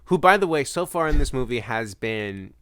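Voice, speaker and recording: A man co-hosting a podcast in a casual chat, expressive and quick to laugh. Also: medium pitch, no room sound, studio quality. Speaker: podcast co-host.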